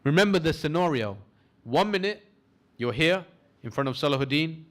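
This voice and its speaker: A man leading a training course, lecturing a class, asking the audience questions and slowing down for emphasis as he guides them through an imagined scene. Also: on the high side. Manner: lively teaching, asks the audience questions; slows down for emphasis in guided imagery. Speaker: course instructor.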